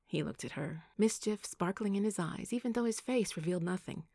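A woman narrating a romance audiobook in an expressive storytelling manner. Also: medium pitch, brisk, vocal fry, hardly any pauses, dry recording, studio quality. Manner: expressive storytelling, also voicing the heroine Kate. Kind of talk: scripted narration.

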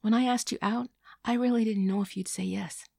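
Frank, hesitant man, read in a woman narrator's own husky voice, dry and close. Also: mid-range voice, steady tone, brisk, dark tone, dry recording, voice pushed up. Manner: hesitant then frank, matter-of-fact. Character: blunt, evasive man explaining a breakup.

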